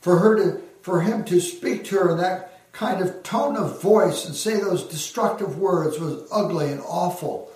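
A man preaching as a pastor, earnest and emphatic, slowing down to give phrases weight. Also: sits high, a little mellow. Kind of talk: sermon. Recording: very echoey hall, heard from a distance.

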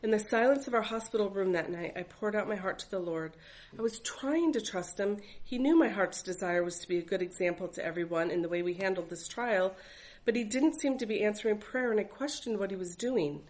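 A woman's voice: medium pitch, a little fast, a little mellow, low-quality recording. A woman reading aloud from her own memoir as a mother, in an earnest, reflective voice. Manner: earnest, reflective, faith-filled.

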